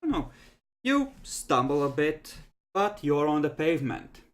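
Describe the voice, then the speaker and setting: A man running a tabletop role-playing game as game master, calmly explaining rules and narrating what happens. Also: on the high side, unhurried.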